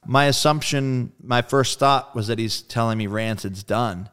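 Smooth-voiced man telling a lively story. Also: mid-range voice, measured pace, soft background music. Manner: animated, acts out quoted dialogue, casual swearing. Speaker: guest musician. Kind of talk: casual storytelling interview.

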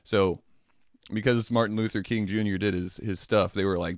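A young man with a low voice hosts a casual history podcast, talking in a loose, animated way. He keeps slipping into exaggerated mocking voices for the people he describes. The sound is dry and close to the mic. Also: moderate pace, no echo. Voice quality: swears casually, laughs at own jokes. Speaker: podcast host.

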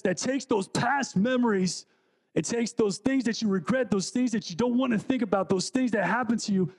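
A man's voice: high voice, vocal fry, darkish tone. A man preaching a sermon in a church, talking conversationally and asking the congregation questions. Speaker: guest preacher. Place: church sanctuary.

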